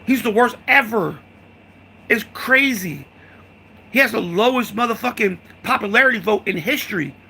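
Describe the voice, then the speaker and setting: A man's voice: sits high, lively intonation, moderate pace, gravelly, sharp tone, slight background noise. A man from the United States giving a heated, profane political rant, repeating himself and calling the listener "dog".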